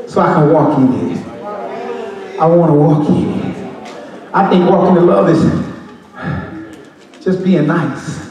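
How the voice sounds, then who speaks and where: A high-voiced man preaches with passion, moving between shouts, half-sung lines and loose street talk. He is heard from far off in a church hall with a long, ringing echo. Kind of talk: Pentecostal sermon. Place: church sanctuary.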